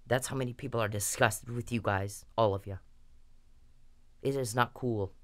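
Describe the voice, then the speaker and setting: A woman's voice: a bass voice, moderate pace. A woman ranting straight to her audience, confrontational and profane, scolding someone she addresses directly. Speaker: vlogger. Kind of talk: angry direct-to-camera rant.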